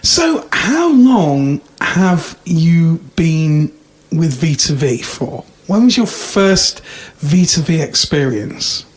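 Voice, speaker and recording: A man's voice: on the high side, sing-song, slow pace. A man co-hosting a podcast, chatting casually and telling jokes in a playful manner, often laughing. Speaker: podcast co-host. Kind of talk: casual chat and joke-telling. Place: room in a club. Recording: roomy echo, faint noise.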